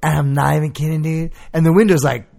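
A man chats casually on a podcast, spinning stories with lots of energy and throwing himself into the quoted lines. His voice is a bit high and full of vocal fry. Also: fast talker. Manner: animated storytelling, acts out quotes, swears freely. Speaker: podcast co-host. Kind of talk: casual chat.

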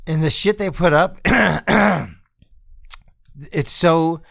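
A man's voice: on the high side, extremely slow, gravelly, fairly bright tone, no room sound, studio quality. A man co-hosting a podcast, ranting in a casual, sarcastic and profane way. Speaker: podcast co-host. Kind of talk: casual chat.

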